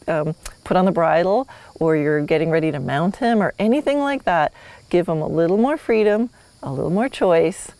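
This horsemanship instructor has a dark-toned, mid-range voice. Teaching an online course lesson, she keeps things relaxed and warm, laughing frequently and voicing the horse's imagined replies.

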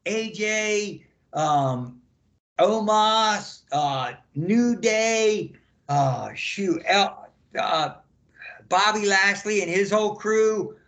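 An older man, a former wrestler, telling lively backstage stories in a casual interview and acting out the quotes. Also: sits high, extremely slow. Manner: animated storyteller acting out quotes.

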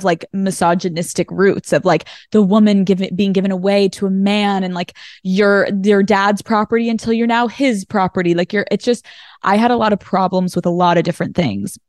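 A woman's voice: mid-range voice, darkish tone, no echo, clean studio sound. A woman chatting as a podcast guest, telling stories with lots of "like" and acting out conversations. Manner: chatty storyteller, heavy use of "like"; acts out quoted dialogue. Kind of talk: casual interview chat.

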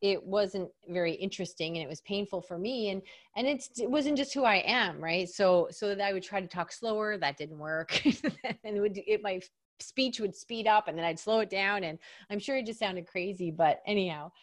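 A woman hosting a podcast conversation, her voice sitting in a middle range. She talks in an animated way, laughs often, and steers the talk with leading questions. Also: mid-range voice, moderate pace. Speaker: podcast host.

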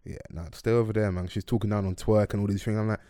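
Fast-talking young man, dry mic. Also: lowish voice, no echo. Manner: quick, animated and joking, heavy with slang. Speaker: podcast host. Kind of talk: casual podcast chat.

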